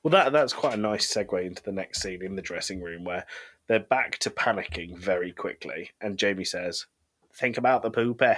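A man's voice: low voice, moderate pace, fairly bright tone, slightly rough. A British man co-hosting a podcast, chatting casually with dry, pessimistic humor. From Britain. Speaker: podcast co-host. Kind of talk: casual chat.

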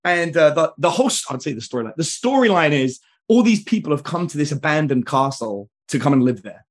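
A man's voice: on the high side, very animated, quick pace. A man speaking as a podcast guest, telling rambling stories with frequent restarts. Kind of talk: casual storytelling.

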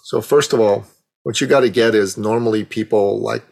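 Gravelly low-voiced man telling a story. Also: moderate pace, low-quality recording. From Iran. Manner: animated storyteller who acts out dialogue. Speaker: guest. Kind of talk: emotional personal storytelling.

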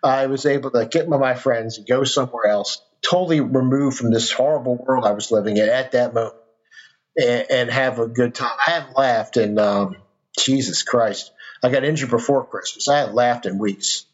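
A middle-aged man talks as a podcast guest, earnest and a little rambling, often restarting his sentences. His pitch sits mid-range. The recording sounds dull and lo-fi. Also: moderate pace. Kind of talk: casual storytelling conversation.

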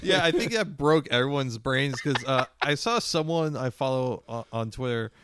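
A man's voice: mid-range voice, expressive, normal speed, background noise. A man co-hosting a comedy podcast, telling rambling anecdotes in casual chat. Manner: rambling anecdotes, lapses into silly voices. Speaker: podcast co-host.

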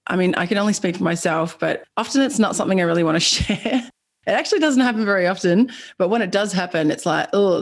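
A woman hosts a podcast interview with a lowish voice. She asks her questions slowly and tentatively, with many fillers. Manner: thoughtful, hesitant, frequent fillers. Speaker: podcast host.

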